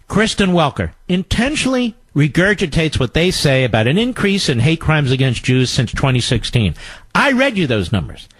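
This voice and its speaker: A man's voice: on the high side, no room sound, low-quality recording. Sarcastic, combative male radio host. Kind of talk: political commentary monologue.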